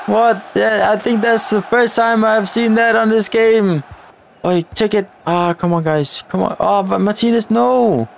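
A man giving excited live commentary on his own football video game career mode, often exclaiming at chances and shouting at the players. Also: high-pitched, measured pace, gravelly, slight background noise. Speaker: gaming YouTuber.

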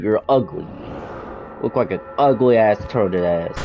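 A man's voice: on the low side, unhurried, mellow, slight background noise. A young man gaming in his bedroom, ranting in frustration and swearing constantly as he plays. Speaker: gamer. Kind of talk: let's play commentary. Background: game music.

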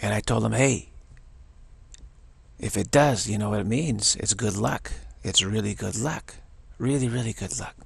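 A man's voice: fairly low pitch, normal speed, creaky, husky, dry recording. A man telling a rambling, enthusiastic story in a casual monologue, often restarting his sentences.

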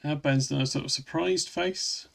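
Male streamer, gravelly and a touch high-pitched, loose rambling chat delivery. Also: moderate pace, a bit bright. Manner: rambling, restarts often, reads chat aloud. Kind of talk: casual live-stream chat.

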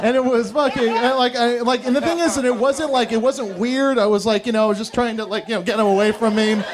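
A man's voice: extremely high pitch, fairly even intonation, fast talker, crowd noise. A young man performing a stand-up routine, telling crude, rambling, self-mocking stories. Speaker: stand-up comedian. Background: audience laughter.

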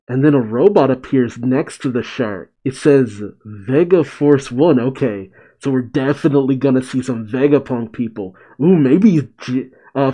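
Man, comic reaction host, reads chapter aloud, brisk retelling, chuckles, mellow tone. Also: medium pitch, rough recording. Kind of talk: reading a comic aloud with commentary.

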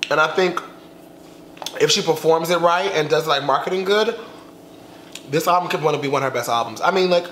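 A man's voice: a little high, a bit bright, reverberant, slight background noise. Sassy young man stuffed and chatting. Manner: sassy, chatty, drawn-out slangy talk. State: stuffed full from eating. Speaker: vlogger. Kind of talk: casual mukbang vlog chat.

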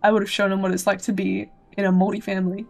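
Gravelly, husky woman streamer. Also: medium pitch, flat delivery, fast, a little mellow, faint music behind. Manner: blunt, swears freely while reacting. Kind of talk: casual gameplay commentary.

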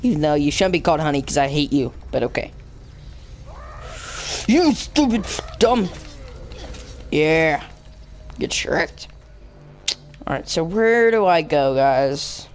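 Young guy doing game commentary, slow unhurried talk, lots of "like" and "um", then yelling and screaming at the game. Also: a little high. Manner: rambling, filler-heavy talk that bursts into yelling at the game. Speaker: gaming channel host. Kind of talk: let's play commentary.

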